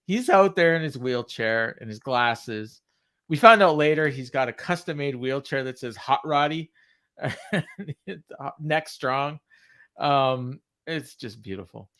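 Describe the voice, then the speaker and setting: A man's voice: mid-range voice, animated, slow pace, fairly bright tone. Chatty man recapping with easy laughs. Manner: chatty, laughs often, reads out quotes. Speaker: podcast co-host. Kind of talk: casual wrestling recap.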